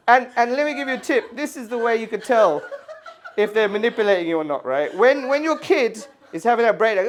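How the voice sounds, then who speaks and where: A man in his thirties from the UK doing an animated stand-up set in a gallery, acting out voices and screaming kids. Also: very high voice, slight background noise. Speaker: stand-up comedian. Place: art gallery before a live audience. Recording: live room with audience laughter.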